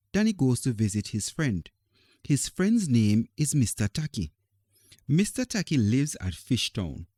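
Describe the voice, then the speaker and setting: A man reads a children's story aloud, gentle and deliberate. His voice is mellow and relaxed, with a lively, expressive lilt. The recording is dry and close. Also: lowish voice, no room sound.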